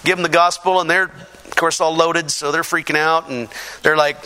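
A middle-aged man from the Pacific Northwest giving a lively personal testimony, poking fun at himself and acting out what people said. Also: fairly high pitch, moderate pace, clean tone. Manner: lively, self-mocking storyteller who acts out quotes. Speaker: church testimony speaker.

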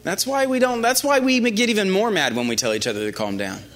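A man preaching a conversational sermon, often restarting phrases and dropping into a quiet, low voice for quoted lines. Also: wildly swooping pitch, quick pace, soft background music.

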